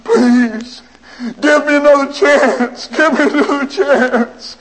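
A man preacher voicing a desperate young male prisoner on death row, shouting and wailing in a high, strained voice. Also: takes it slowly, a little hiss or hum. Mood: desperate pleading.

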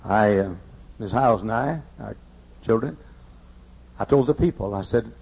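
A middle-aged male pastor from Texas, preaching from a pulpit in a large church, swinging from hushed confession to shouted preaching. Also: lowish voice, measured pace, vocal fry, breathy edge. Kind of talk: emotional sermon storytelling. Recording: muffled lo-fi sermon tape.

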